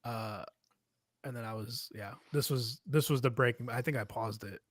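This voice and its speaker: A man's voice: medium pitch, moderate pace, dry recording, clean studio sound. A man co-hosting a podcast, retelling episodes in a casual, profane, laughing way. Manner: profane, animated, laughing storyteller. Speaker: podcast co-host. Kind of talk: casual recap chat.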